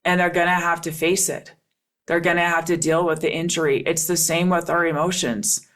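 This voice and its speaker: A woman's voice: lowish voice, little pitch movement, moderate pace, fairly bright tone. A middle-aged woman hosting a solo podcast as a relationship coach, talking earnestly and repeating key phrases for emphasis.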